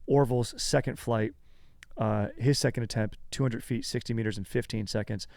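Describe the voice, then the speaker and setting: A man's voice: mid-range voice, fairly even intonation, normal speed, a little mellow, no echo. A man hosting a comedy history podcast, talking loosely and rambling with lots of fillers and casual slang.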